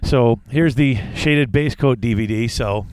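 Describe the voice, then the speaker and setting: A man's voice: mid-range voice, a little slow, darkish tone, clear, resonant tone, no echo, clean studio sound. A man hosting a podcast, chatting casually with a co-host and rambling through his thoughts with many restarts. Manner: rambling, with frequent restarts and trailing off. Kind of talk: casual chat.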